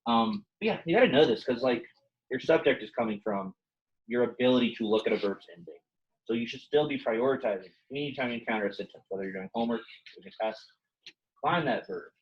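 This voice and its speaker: Young male teacher, casual and chatty, mid-pitched, loose classroom talk. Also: fast talker, dull audio. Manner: relaxed, chatty, many fillers. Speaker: Latin teacher.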